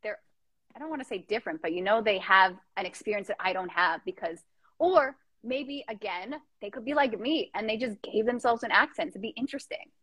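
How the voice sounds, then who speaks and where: A woman's voice: medium pitch, animated, a little fast, a bit bright, slightly rough, dry recording. A young woman from Canada hosting a casual chat, playful and riffing on silly ideas. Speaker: podcast host.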